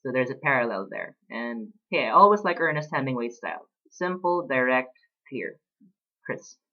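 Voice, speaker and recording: A man in his late twenties speaks in a casual personal vlog, thoughtful and unhurried, with frequent pauses and fillers. His voice sits at an ordinary middle pitch. The recording sounds a little dull and lo-fi. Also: sing-song. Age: late 20s. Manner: reflective, talks about books with pauses and fillers. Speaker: vlogger.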